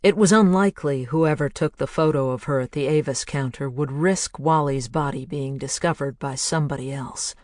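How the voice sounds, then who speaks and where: An audiobook narrator reading a thriller in a measured, hushed voice. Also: medium pitch, dry recording, studio quality. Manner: measured, hushed, building to intense.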